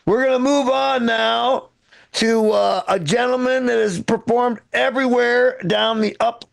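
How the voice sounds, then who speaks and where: A man working as a comedy club emcee, introducing the next act in a halting, stumbling way. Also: very high-pitched, fairly even intonation, gravelly.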